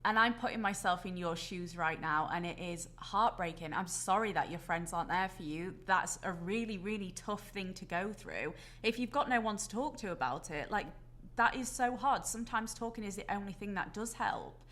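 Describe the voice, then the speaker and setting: A woman's voice: mid-range voice, expressive, normal speed, a bit bright. Tearful woman podcast co-host. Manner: emotional, tearful. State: crying. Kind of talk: casual chat.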